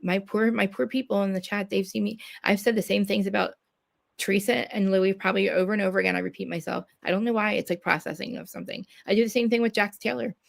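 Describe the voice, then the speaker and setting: A quick-talking woman, loud and blunt, swearing freely as she hosts a casual podcast. Her voice has a gravelly edge and sits close and dry on the mic. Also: medium pitch, steady tone, no echo. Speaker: podcast host. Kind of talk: casual live podcast chat.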